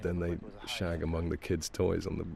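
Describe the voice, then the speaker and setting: A man's voice: low-pitched, little pitch movement, normal speed, creaky, crowd noise. A male actor chatting casually while watching his show, telling stories with lots of laughter and imitations of others. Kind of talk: casual commentary chat.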